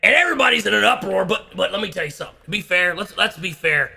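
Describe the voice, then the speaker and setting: Doing a parody rant, a comedian mimics a bombastic talk-show host in an exaggerated, gravelly, raspy, high-set voice with lively intonation. The mood is ranting: he blusters and halts through fillers, then bursts into sharp, forceful shouting about his outrage.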